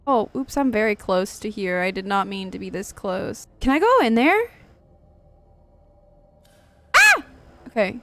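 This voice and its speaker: A woman's voice: high voice, fairly bright tone. A woman streamer giving nervous, jumpy let's-play commentary, swearing often and gasping at every scare. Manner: jumpy, nervous, swears a lot, frequent gasps. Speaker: gaming streamer.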